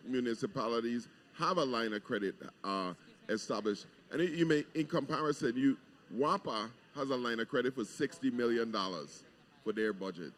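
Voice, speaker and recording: A middle-aged man, a governor, chatting on a live radio show and patiently explaining budget matters in plain terms. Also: medium pitch. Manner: laughs easily, explains patiently. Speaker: governor, guest. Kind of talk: casual radio chat, explaining policy. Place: outdoor deck at a live broadcast.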